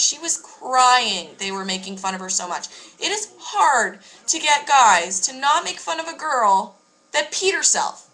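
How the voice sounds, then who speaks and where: A woman's voice: on the high side, animated, measured pace, bright, forceful tone, slight background noise, low-quality recording. A young woman casually telling a story to camera, candid and emphatic, swearing freely. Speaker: vlogger.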